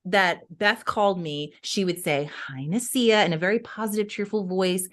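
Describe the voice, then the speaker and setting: A young adult woman co-hosts a podcast, chatting casually and telling stories expressively, her speech packed with "like" and "right?". She has a mid-range voice and talks at a normal speed.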